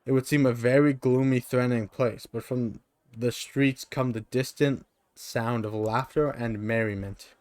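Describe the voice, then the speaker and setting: A man's voice: medium pitch, steady tone, measured pace, a little mellow, no echo. Brief: male streamer narrating a gamebook, mid voice, dry close sound. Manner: plain narration with offhand asides. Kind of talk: reading an interactive gamebook aloud. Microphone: streaming microphone.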